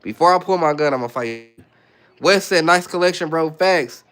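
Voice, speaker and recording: A man's voice: on the high side, moderate pace, a bit bright, smooth. A young man from the Bay Area hosting a casual livestream, reading viewer comments aloud and greeting people as they join. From California, Bay Area. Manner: laid-back, reads chat comments aloud and greets viewers. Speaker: livestream host.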